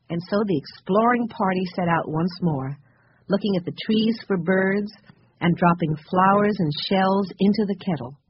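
A woman narrating a children's audiobook with clear storytelling and character voices. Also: medium pitch, lively intonation, normal speed, slight background noise. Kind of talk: scripted narration. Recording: slightly muffled recording.

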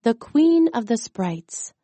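A woman narrates a storybook aloud, reading slowly and carefully. Her voice sits a little high but sounds soft and mellow. The recording is dry and close, with no room sound. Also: big pitch swings, no room sound. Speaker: audiobook narrator.

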